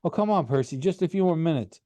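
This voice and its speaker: An irritated teenage girl, as a male reader gives her lines, clipped and dismissive. The tone stays warm and mellow, close and dry. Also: fairly high pitch, lively intonation, fast, no room sound, pitched above the performer's own voice, lightly acted. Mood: annoyed.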